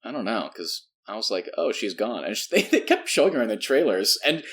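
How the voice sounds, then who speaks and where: A man co-hosting a movie review podcast in casual chat, animated and laughing often, dropping to low mutters. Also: fast. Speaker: podcast co-host.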